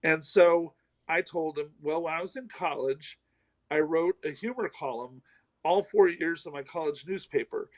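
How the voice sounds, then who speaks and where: Animated, self-mocking storyteller man. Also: on the high side, normal speed, low-quality recording. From American South. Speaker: comedian guest. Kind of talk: storytelling in a casual interview.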